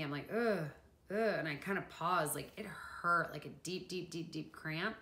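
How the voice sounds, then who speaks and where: Bright, chatty young woman vlogger. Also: fairly low pitch, roomy sound. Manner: animated, fast and chatty, full of "like" fillers. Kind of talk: casual storytelling to camera.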